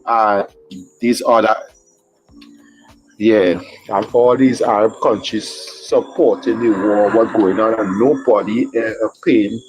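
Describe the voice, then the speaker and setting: A man's voice: fairly low pitch, steady tone, slow, a little mellow, muffled recording, slight background noise. A man from Trinidad with a Trinidadian accent, calling into a casual live stream and speaking hesitantly with many fillers and restarts. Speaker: caller.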